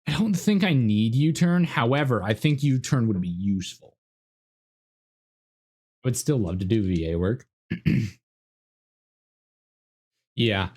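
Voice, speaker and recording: A young Canadian man with a Canadian accent chatting excitedly while streaming a game. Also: mid-range voice, slow pace, long pauses. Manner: excitable, animated. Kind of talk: casual gameplay commentary.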